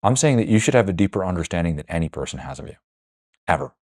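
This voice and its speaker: Fast-talking blunt male podcast host. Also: deep voice, expressive, darkish tone. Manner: blunt, swears freely, acts out quoted dialogue. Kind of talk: candid conversation with guests.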